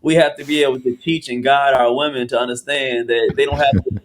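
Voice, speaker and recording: A man hosting a casual podcast discussion, talking in an animated, rambling way with many restarts. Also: medium pitch, brisk, slight background noise. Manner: animated, rambling, restarts often, acts out quotes. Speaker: podcast host.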